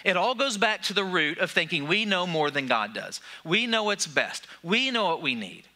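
Male pastor, high lively voice, very bright tone, casual sermon, rhetorical questions. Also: normal speed. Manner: conversational preaching with rhetorical questions.

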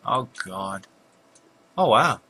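Husky older man muttering over gameplay. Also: lowish voice, big pitch swings, drawn-out words, sharp tone. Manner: chatty, muttering at enemies, frequent yawns and apologies. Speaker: gameplay commentator. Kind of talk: casual game commentary.

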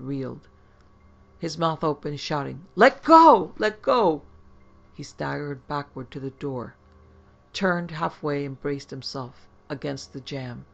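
A woman narrating a horror story in a steady, grave storytelling voice. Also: low-pitched, gravelly.

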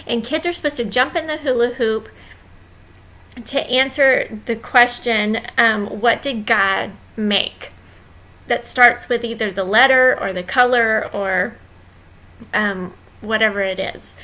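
A woman runs a children's ministry training, walking volunteers through the week's activities in a friendly, instructive manner with many pauses and fillers. Her voice is slightly high, pushed and bright, and the audio quality is poor.

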